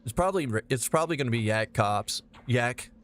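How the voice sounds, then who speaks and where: A man's voice: mid-range voice, fairly quick. A man streaming a game live, chatting casually with his chat, rambling and swearing as he plays. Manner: profane, animated, rambling.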